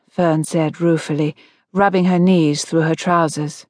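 A woman narrating a contemporary romance audiobook in a measured storytelling voice. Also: deep voice, fairly even intonation, a little mellow, no room sound, studio quality. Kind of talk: scripted narration.

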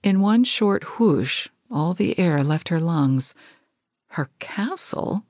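A woman narrates a romance audiobook at a measured storyteller's pace. Her voice sits on the low side, and the close studio recording is completely dry. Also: animated, darkish tone, no room sound.

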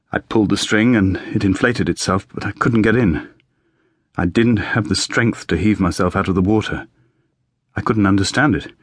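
Shaken young RAF pilot read by a man, clipped slang, lowish voice, dry close sound. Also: a bit bright, slightly rough, no room sound. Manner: clipped British airman's slang.

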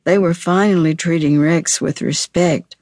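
A woman narrating a children's storybook audiobook in a measured, clear storytelling manner. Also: lowish voice, steady tone, darkish tone, no echo, studio quality.

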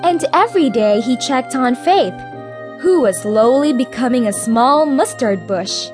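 A woman reads a children's story aloud, gentle and clear. Her voice is high and her pace slow and careful, with faint music playing behind. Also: lively intonation. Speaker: audiobook narrator.

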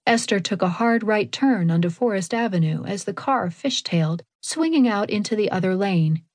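A woman reading an audiobook in a steady, clear narrating voice, recorded on a close studio mic. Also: medium pitch, moderate pace, no echo. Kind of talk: scripted narration.

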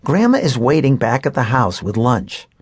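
A man's voice: mid-range voice, big pitch swings, normal speed, slightly rough. A man voicing an impatient older brother who grumbles to get things over with, in a storybook.

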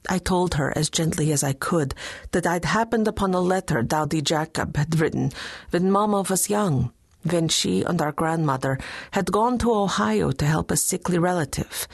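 A woman narrating an audiobook in a measured, gentle manner. Her low voice carries a gravelly fry and a husky edge, recorded dry and close on a studio mic. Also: animated, dry recording. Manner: measured, gentle, soft-spoken. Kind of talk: scripted first-person audiobook narration.

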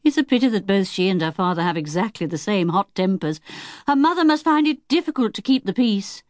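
A woman's voice: medium pitch, expressive, a little fast, a little mellow, no room sound, clean studio sound, close to an everyday voice. A woman narrator voicing a kindly, sensible middle-aged mother in a children's audiobook. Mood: fond. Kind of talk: audiobook character voice.

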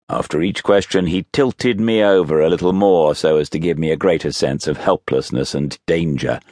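Deep expressive male audiobook narrator. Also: dry recording, clean studio sound. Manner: expressive, measured storytelling. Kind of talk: scripted narration of a classic novel.

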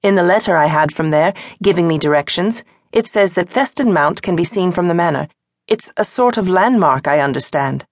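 A woman's voice: on the low side, lively intonation, normal speed, no echo. Woman reading a modest young midlands maid, polite, kinda eager, dry close sound. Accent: Midlands English.

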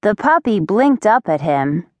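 A woman narrating a children's audiobook in slow, clear, expressive storytelling on a close studio mic. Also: mid-range voice, no room sound.

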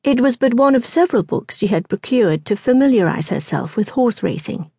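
Expressive woman narrating an audiobook. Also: a little high, creaky, husky, dry recording, studio quality. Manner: measured, expressive storytelling. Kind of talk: scripted narration.

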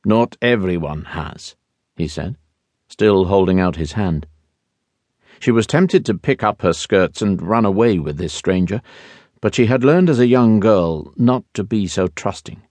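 Lively low-voiced male audiobook narrator. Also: a little slow, dry recording. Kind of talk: scripted narration.

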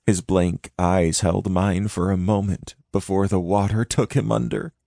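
A man's voice: low voice, flat delivery, unhurried, vocal fry, warm tone, no echo, studio quality. A man narrating a first-person audiobook in a dramatic, intense reading.

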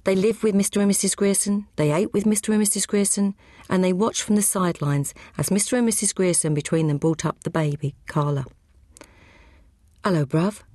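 A woman reading an audiobook crime novel aloud, brisk and matter-of-fact. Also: mid-range voice, fairly even intonation, mellow, no echo, studio quality. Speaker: audiobook narrator. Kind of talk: scripted narration.

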